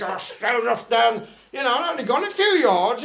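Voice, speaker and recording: Lively Black Country man telling a tale. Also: extremely high pitch, moderate pace, gravelly, few pauses. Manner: rambling, self-deprecating, many asides. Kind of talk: live folk club storytelling.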